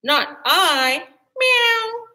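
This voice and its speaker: A woman voicing a lazy, unhelpful barnyard cat who refuses in a high mewing voice. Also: sing-song, drawn-out words, pushed and bright, full character voice. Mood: refusing.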